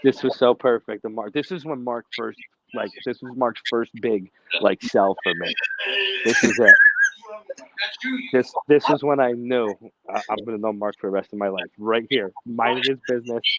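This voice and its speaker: A man's voice: mid-range voice, normal speed, lo-fi sound, background noise. A brash man co-hosting a casual podcast, swearing constantly as he tells stories. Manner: brash, swears constantly, acts out quotes in a raised voice. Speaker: podcast co-host. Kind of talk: casual profane storytelling chat.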